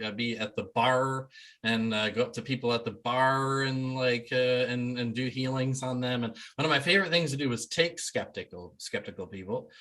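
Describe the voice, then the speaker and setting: A man's voice: mid-range voice, bright, forceful tone. A man, a shamanic healer, telling his story casually in an interview, rambling with many ums and restarts. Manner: acts out quoted people in a livelier voice.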